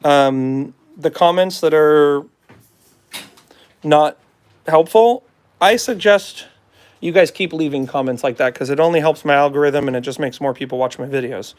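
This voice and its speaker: A man's voice: a little high, moderate pace, dry recording. A man talking as a dog trainer in a casual live demonstration, chatting to his viewers and coaxing a dog along. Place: at home with a dog, partly in the yard.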